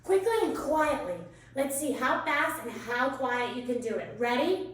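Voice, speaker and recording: A high-voiced woman leads a children's dance class, calling out steps and counts with eager encouragement. She talks slowly and carefully, and her voice rings through a very echoey room, heard from some distance away. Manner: bright, encouraging, counts steps aloud, calls out moves. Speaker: dance teaching artist. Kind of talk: teaching children a dance lesson.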